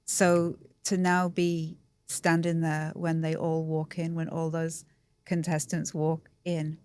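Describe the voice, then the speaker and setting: Low-voiced woman, chatty and candid. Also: monotone, slow, darkish tone, clean tone. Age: middle-aged. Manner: chatty, self-deprecating, emotional. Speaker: guest. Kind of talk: candid podcast conversation.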